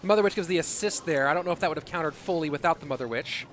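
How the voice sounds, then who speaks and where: Higher-voiced male esports caster. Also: racing, slight background noise. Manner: excitable play-by-play with rambling asides. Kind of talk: live game commentary.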